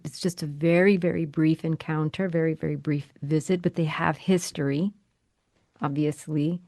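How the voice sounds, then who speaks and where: A woman's voice: low-pitched, dark tone, no room sound, clean studio sound. A woman co-hosting a podcast, discussing a short story in a thoughtful, hedging way that often checks for agreement. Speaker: podcast co-host. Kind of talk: casual literary discussion.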